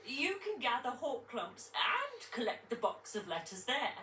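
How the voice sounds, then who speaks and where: A woman's voice: on the high side, very animated, measured pace, pushed and bright, distant mic, a little hiss or hum, full character voice. An actress voicing a helpful village woman in a video game, polite and eager to please. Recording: roomy echo, heard from afar.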